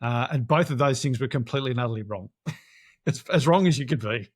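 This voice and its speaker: A man's voice: mid-range voice, a little fast, breathy edge, dry recording. Man telling an adventure story, dry sound. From Australia. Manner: animated, acts out quoted dialogue. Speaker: interview guest, adventure racer. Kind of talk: storytelling in a casual interview.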